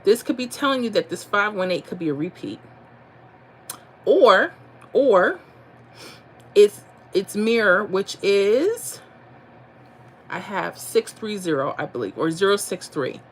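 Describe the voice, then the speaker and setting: On her casual lottery livestream, the host reads viewer comments and muses aloud over numbers in a chatty way. She speaks at medium pitch, a little slowly and expressively, pausing often.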